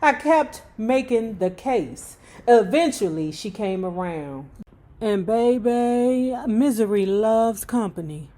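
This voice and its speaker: Slow-reading woman with blunt asides. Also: on the high side, animated, warm tone. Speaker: storyteller reading a memoir aloud. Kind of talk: book reading with casual commentary.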